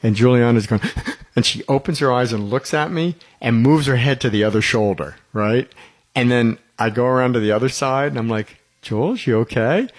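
A man's voice: medium pitch, brisk. A middle-aged man hosting a radio talk show, telling rambling stories in casual conversation and chuckling often.

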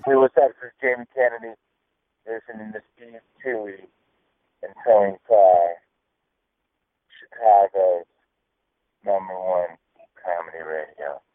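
A man's voice: fairly low pitch, fairly even intonation, a little slow, pauses often, no echo. A man recording a jokey, laid-back radio station ID. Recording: tinny phone-line radio drop.

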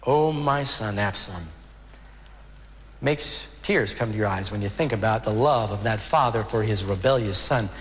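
A man preaching a sermon as a pastor, earnest and emotional, slowing down for dramatic pauses. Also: lowish voice, big-room sound, slight background noise.

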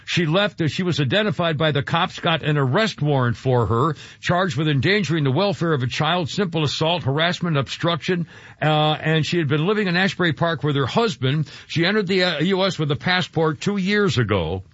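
Guy on talk radio ranting, lots of uhs, kinda husky, dry and lo-fi. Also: on the high side, lively intonation, a little fast, a bit bright, no room sound. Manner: indignant, rambling, filler-heavy. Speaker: radio talk show host. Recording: dull lo-fi radio broadcast.

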